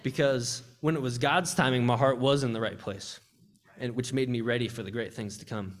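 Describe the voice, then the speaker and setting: A man's voice: mid-range voice, fairly even intonation, normal speed. Earnest young man giving a church testimony. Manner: earnest, heartfelt, with restarts. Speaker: campus ministry speaker. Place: church service.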